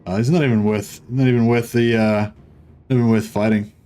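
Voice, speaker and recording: A man's voice: medium pitch, steady tone, brisk, mellow, soft background music. A man giving casual, rambling commentary while playing a strategy game, wry and thinking aloud. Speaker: video game streamer.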